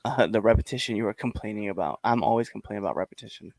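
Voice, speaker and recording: A man's voice: fairly low pitch, rapid-fire, gravelly, a little mellow, no echo. A man hosting a wrestling podcast, chatting casually and animatedly, rambling with lots of "bro" and "hundred percent". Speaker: podcast host.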